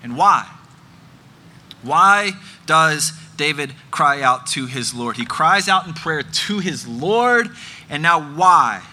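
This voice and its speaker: A man's voice: on the high side, animated, slow pace, bright, forceful tone. A man preaching a sermon, earnest and emphatic, repeating phrases for effect.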